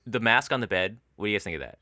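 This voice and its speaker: A man's voice: on the low side, very fast, dry recording, studio quality. A man co-hosting a podcast, reviewing a film in casual chat, swearing freely and acting out scenes. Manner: animated, profane, acts out scenes. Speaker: podcast co-host.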